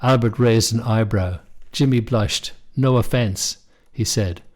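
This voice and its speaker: A man reading his own short story aloud, in measured scripted narration. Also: lowish voice, a little mellow. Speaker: storyteller and author.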